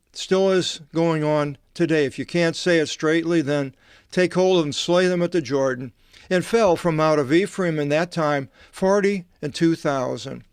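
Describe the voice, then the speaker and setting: A man, a Bible translator, reading scripture aloud with meandering, halting commentary and asides. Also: on the high side, clean tone, no room sound, studio quality.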